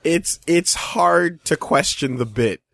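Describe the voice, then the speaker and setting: A man with a gravelly, lively voice chats in a laid-back way, reacting with short remarks. The sound is close and dry. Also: a little high, takes it slowly, no echo. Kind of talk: casual chat.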